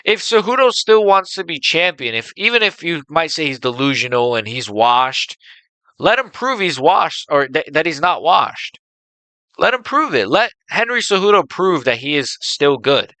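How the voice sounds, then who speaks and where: A young man with a bright, clear voice rants through casual reaction commentary, swearing freely and getting animated. His voice sits a little high for a man, recorded dry and close. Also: moderate pace, dry recording, poor audio. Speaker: MMA reaction channel host.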